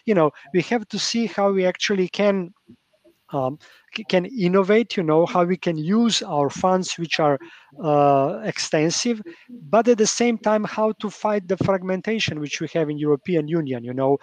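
A man's voice: high-pitched, normal speed, darkish tone, no room sound. A man on a policy panel who talks hesitantly, with many fillers and restarts. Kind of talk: panel discussion.

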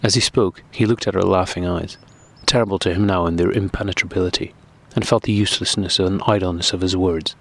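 A man narrating a classic novel as an audiobook in a steady, even reading. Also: sits low, brisk, few pauses.

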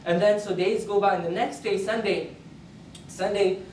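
A man's voice: high voice, steady tone, moderate pace, darkish tone, a little hiss or hum. A man giving a Friday sermon as a story, in an earnest tone, repeating phrases and lifting his voice for quoted words. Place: mosque prayer hall. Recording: echoey hall, voice from a distance.

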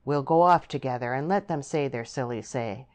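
A woman's voice: rumbling low, normal speed, darkish tone. A woman reading an eager, impatient young man. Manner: insistent and impatient.

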